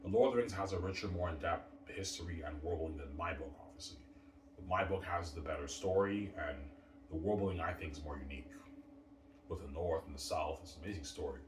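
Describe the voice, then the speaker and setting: A man's voice: sits low, fast talker, background noise. A man hosting a casual solo livestream, boasting over and over and calling out to his viewers. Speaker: livestream host. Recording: roomy, distant mic.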